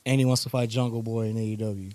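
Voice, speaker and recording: A man co-hosting a casual podcast, relaxed and joking, often trailing off mid-sentence. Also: lowish voice, fast, dry recording. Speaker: podcast co-host and editor. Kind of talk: casual chat.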